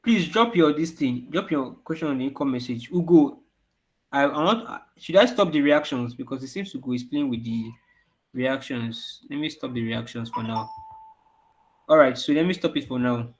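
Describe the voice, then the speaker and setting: A programming teacher running an online coding class for children speaks in a mid-range voice at a moderate pace. He asks questions and answers them himself, repeating them so the kids can respond.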